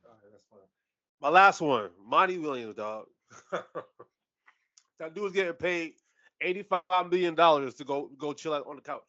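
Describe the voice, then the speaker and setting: A man's voice: on the high side, moderate pace, pauses often, no room sound, lo-fi sound. A man co-hosting a sports podcast, talking casually with lots of swearing and laughter. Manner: animated, profane, laughs often. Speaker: podcast co-host.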